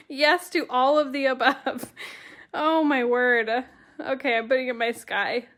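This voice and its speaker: A woman's voice: high voice, fairly even intonation, takes it slowly, long pauses, a bit bright. A woman teaching a watercolor stamping tutorial on a live stream, chatting with viewers and laughing through her words. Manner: bubbly and chatty, reading out viewer comments.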